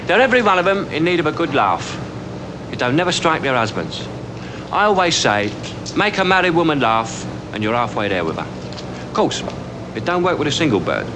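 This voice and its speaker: A man's voice: on the high side, sing-song, fairly quick, background noise. A cocky Cockney ladies' man. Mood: cheeky. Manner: breezy, confiding asides to the audience. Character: cocky young London womanizer, charming and cynical. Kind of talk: 1960s film acting.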